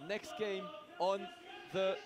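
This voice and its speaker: A man doing live esports commentary and explaining matchups in an animated way. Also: high voice, slow. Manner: animated, explanatory play analysis.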